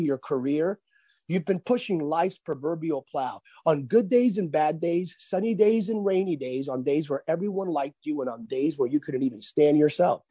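Male pastor guest, fairly high for a man, husky and warm, sermon cadence on talk radio. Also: no room sound. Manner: emphatic, preacher-like cadence, drawn-out stressed phrases. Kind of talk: preaching on a radio talk show.

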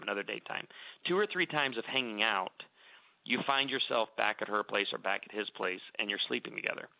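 A man's voice: mid-range voice, creaky, dry recording. A middle-aged man speaking earnestly in a conversational interview, often repeating words as he starts a thought. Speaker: radio show guest speaker on marriage. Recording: dry, narrow phone-like sound.

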